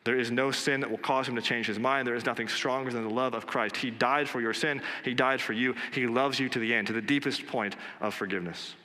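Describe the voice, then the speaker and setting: A pastor preaching a sermon in a church, earnest and emphatic, repeating key phrases for weight. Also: male voice, medium pitch, fairly even intonation, a little fast, few pauses, sharp tone. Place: church sanctuary. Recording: long reverb of a church hall.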